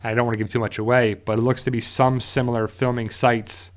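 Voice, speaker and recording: A man's voice: mid-range voice, flat delivery, fairly quick. A man hosting a live stream, reading viewer questions aloud and answering in a loose, rambling way full of fillers and restarts. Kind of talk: casual live stream chat.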